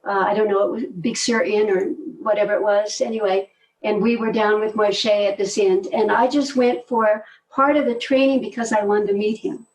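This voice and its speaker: An older woman telling stories in a relaxed conversation, animated and laughing often, often trailing off mid-sentence. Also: mid-range voice, normal speed, recorded from a distance, low-quality recording. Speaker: guest, movement teacher. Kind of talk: conversational storytelling.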